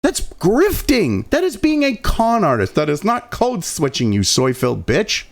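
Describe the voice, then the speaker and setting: A man's voice: sits high, huge pitch swings, measured pace, creaky. A man from New England ranting angrily about politics, swearing constantly and dripping with sarcasm. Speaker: political commentary host. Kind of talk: profane political rant.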